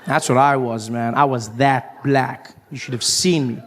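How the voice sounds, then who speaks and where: A man performing stand-up on a comedy stage, telling stories with animated, self-mocking delivery. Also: mid-range voice, normal speed, slight background noise. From South Africa.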